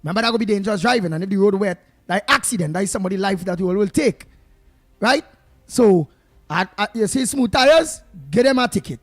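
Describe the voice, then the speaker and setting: A man with a Trinidadian accent hosting a call-in radio show, chatting and telling stories in an animated way, with loud outbursts and snatches of song. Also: high voice, a little fast, faint music behind. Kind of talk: lively call-in radio chat and storytelling.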